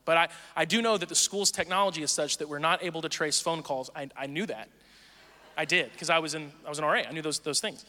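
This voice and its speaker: Storyteller, man in his forties, animated delivery that acts out other voices, fairly high voice, in a reverberant hall. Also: brisk. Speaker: speaker telling a personal story. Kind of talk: casual storytelling monologue.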